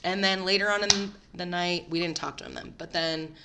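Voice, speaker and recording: A young woman co-hosting a podcast, telling a story in casual chat and jumping high for quoted lines. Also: fairly even intonation, moderate pace, sharp tone. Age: young adult. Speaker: podcast co-host.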